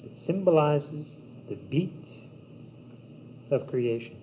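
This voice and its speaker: Slow, mellow man teaching yoga philosophy. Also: on the high side, expressive. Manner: slow, measured, meditative delivery with long pauses. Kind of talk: spiritual teaching talk. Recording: dull old cassette tape with faint hiss.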